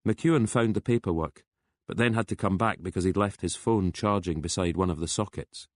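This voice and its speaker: A man narrating a crime novel audiobook in a steady, even storytelling manner on a close studio mic. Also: low-pitched, a little fast, dry recording.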